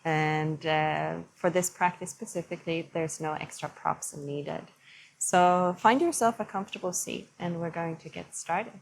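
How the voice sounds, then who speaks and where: A young adult woman teaching yoga, guiding breathing in a slow, gentle, soothing way. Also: fairly low pitch, vocal fry, slight background noise, rough recording. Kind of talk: guided yoga instruction.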